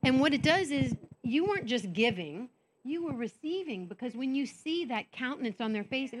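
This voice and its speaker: A middle-aged woman gives a faith talk at a conference, her voice sitting on the high side. She is chatty and animated, slipping into little acted-out voices of her own thoughts as she encourages the crowd. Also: fairly quick. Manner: animated, conversational, acts out inner voices. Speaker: conference speaker. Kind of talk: motivational faith talk to an audience. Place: conference stage.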